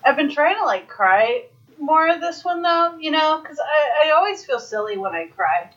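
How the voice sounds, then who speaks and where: A woman's voice: high-pitched, animated, moderate pace, a bit bright. A young woman, a guest chatting casually and filling her talk with "like". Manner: chatty, filler-heavy, says "like" a lot. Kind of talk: casual chat. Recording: dull lo-fi recording.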